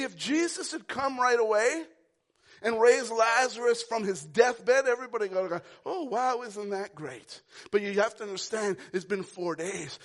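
Man, pastor, sermon, high voice, soft then loud. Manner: preaching with big swings from soft to loud.

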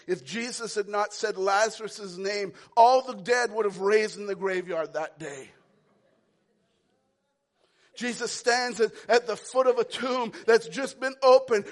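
A pastor preaching a sermon, moving from quiet, low lines to loud, ringing calls. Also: male voice. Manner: preaching with big swings from soft to loud.

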